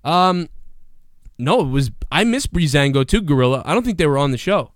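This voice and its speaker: A man reviewing a wrestling show on a livestream, rambling and swearing in casual, excitable talk. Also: fairly high pitch, normal speed, dry recording, studio quality. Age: adult parent. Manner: profane, rambling, excitable, acts out bits in quotes.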